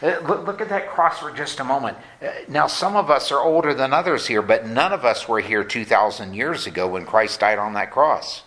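A man preaching a sermon in a bright, forceful voice. He speaks earnestly and draws out his words for emphasis. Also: mid-range voice, expressive, moderate pace, hardly any pauses. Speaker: pastor.

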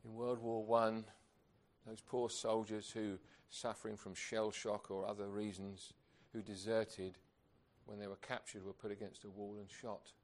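A man's voice: lowish voice, flat delivery, unhurried. Earnest male preacher, emphatic. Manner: earnest, emphatic, with rhetorical questions. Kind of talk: sermon.

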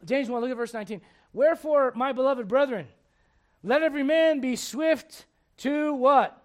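High-voiced, animated male preacher. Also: moderate pace. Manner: animated, rousing, asks the congregation questions. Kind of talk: sermon. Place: church before a congregation.

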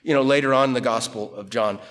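A man speaks quickly in a mid-range voice, preaching verse by verse through a Bible passage. The expository teaching is lively and emphatic yet conversational, and he often asks rhetorical questions.

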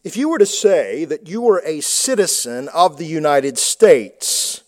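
A man with a high voice delivers a sermon as pastor. He preaches emphatically, circling back and repeating key words to drive them home. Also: very animated, unhurried, a little mellow.

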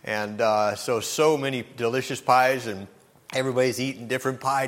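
A man's voice: mid-range voice, normal speed, a bit bright. Folksy preacher man in a reverberant church. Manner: folksy storytelling, rising to emphatic preaching. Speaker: pastor. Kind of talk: sermon. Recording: long hall reverb.

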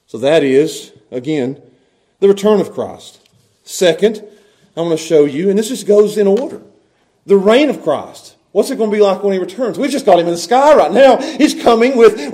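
A man with a high voice preaches with lively energy. He swings from hushed, low passages to loud, ringing lines and chuckles often between his points, as a pastor in the middle of a sermon.

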